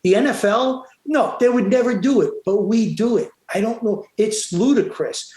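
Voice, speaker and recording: High-voiced man telling fight stories. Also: moderate pace, darkish tone, echoey room. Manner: emphatic, acts out quotes, frequent restarts. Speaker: boxing referee, interview guest. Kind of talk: animated storytelling in an interview.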